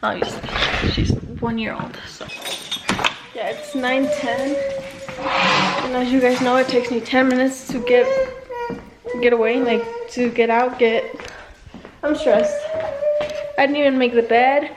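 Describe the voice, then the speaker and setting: A woman's voice: sits high, very animated, unhurried, long pauses, very noisy. A young woman vlogging her morning at home, chatting to viewers and telling her toddler what to do. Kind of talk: casual vlog talk to camera. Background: dogs.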